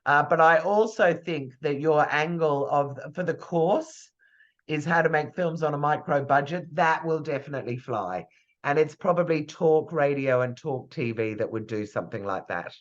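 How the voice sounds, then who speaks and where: In a live online masterclass Q&A, a male PR coach with a higher-pitched voice speaks at a moderate pace over a muffled video call. His advice is friendly and rambling, full of hesitation, fillers, and restarts as he thinks aloud.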